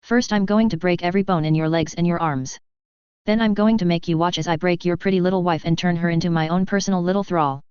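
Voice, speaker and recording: A reader voicing a cruel, taunting male vampire who speaks with slow menace, on a slightly dull recording. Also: mid-range voice, fairly even intonation, darkish tone, clean tone, no room sound, lightly acted. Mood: menacing. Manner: menacing, mocking.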